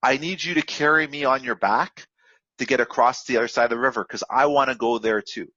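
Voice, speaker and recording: A man's voice: medium pitch, brisk, sharp tone, no echo, highs cut off. A man voicing a sly male scorpion who insists he needs a ride across the river. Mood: pleading.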